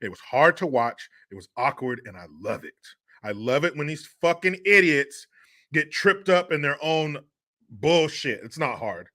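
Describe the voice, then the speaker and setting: A man's voice: fairly high pitch, lively intonation, moderate pace, pushed and bright. A man hosting a podcast, ranting in a crude, mocking, profane way and laughing scornfully. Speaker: podcast host. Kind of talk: solo commentary rant.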